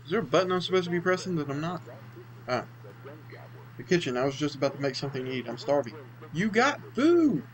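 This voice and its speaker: A man's voice: on the high side, fairly even intonation, quick pace, long pauses, rough recording. A young man chatting casually as he plays through a horror game, self-deprecating and chatty. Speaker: let's play host. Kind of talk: casual gameplay commentary.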